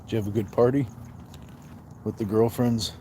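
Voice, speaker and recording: A livestream host strolls outside at night holding his phone, chatting back to viewers after reading their comments aloud in a relaxed way. He speaks on the low side at a moderate pace, and there's a little hiss or hum.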